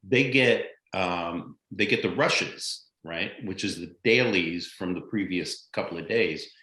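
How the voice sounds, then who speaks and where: An older American man tells career stories with animated, blunt energy and a few curse words. His voice sits fairly low. The sound carries a noticeable room echo. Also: takes it slowly. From United States. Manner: animated anecdotal storyteller, blunt and profane. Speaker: guest actor. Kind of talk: casual storytelling interview.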